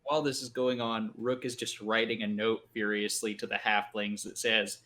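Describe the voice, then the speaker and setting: A man's voice: fairly low pitch, flat delivery, moderate pace, few pauses, pushed and bright. A man playing a tabletop game, narrating his character casually and playfully.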